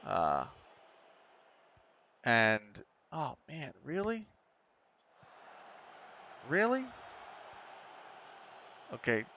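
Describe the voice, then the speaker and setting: Excitable male streamer, bright voice. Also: medium pitch, clean tone. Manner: excitable, swears, talks to players on screen. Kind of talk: live reactive commentary over a football management game.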